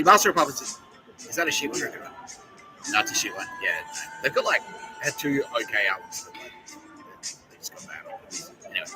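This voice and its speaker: A man's voice: on the low side, low-quality recording. An Australian man hosting a podcast, delivering a profane, rambling monologue and mocking the people he talks about. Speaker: podcast host.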